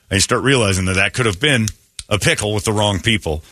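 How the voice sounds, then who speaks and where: Lively low-voiced man telling radio stories. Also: quick pace, dry recording. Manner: animated storytelling, acts out quotes in a raised voice. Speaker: radio show host. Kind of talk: casual morning radio banter.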